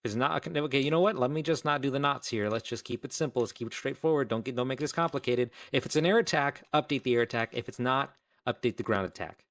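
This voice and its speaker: A man's voice: medium pitch, fast talker, few pauses, fairly bright tone. A man streaming his game development live, thinking aloud in a rambling, self-interrupting way as he codes. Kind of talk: casual live-stream coding commentary.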